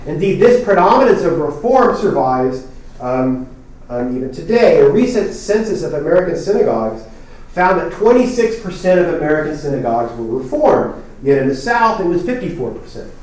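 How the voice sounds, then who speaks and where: A man's voice: fairly high pitch, sing-song, normal speed, darkish tone. Man lecturing in an echoey hall. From New Jersey. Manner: reads prepared text, with fillers and self-deprecating asides. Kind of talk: academic lecture. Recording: very echoey hall, speaker far from mic.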